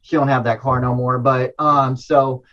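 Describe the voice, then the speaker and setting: A middle-aged man recounts a personal experience in loose, excitable bursts, backtracking and apologizing as he goes. His voice sits at an ordinary male pitch. The recording is a bit dull and lo-fi. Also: moderate pace. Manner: rambling and excitable, with many restarts and apologies. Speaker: storyteller sharing a personal spiritual experience. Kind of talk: casual personal storytelling.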